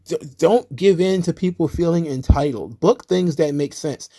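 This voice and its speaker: A man's voice: a little high, normal speed, mellow. A man hosting a wrestling commentary show, ranting casually with sarcasm and exasperation.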